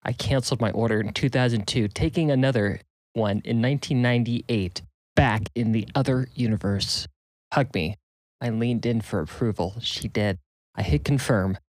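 A man's voice: medium pitch, normal speed, dry recording. A man narrating a serial first-person story in an earnest, urgent way.

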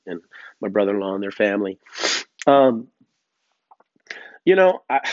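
A man's voice: mid-range voice, dry recording. A man hosting a podcast, ranting casually with lots of swearing, stammered restarts and filler words. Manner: rambling, profane, many restarts. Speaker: podcast host. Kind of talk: casual rant. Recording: dull, lo-fi sound.

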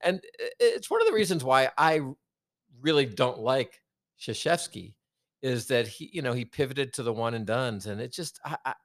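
A man co-hosting a sports podcast, chatting casually and rambling through halting restarts. His voice sits at a middling pitch, recorded dry and close with no room sound. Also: expressive, no room sound. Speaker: podcast co-host.

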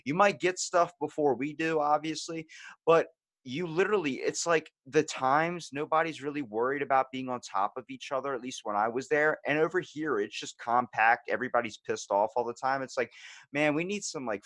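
A man's voice: mid-range voice, moderate pace, a bit bright, dry recording. A young man hosting a podcast in casual chat, candid and plain-spoken, swearing casually. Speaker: podcast host.

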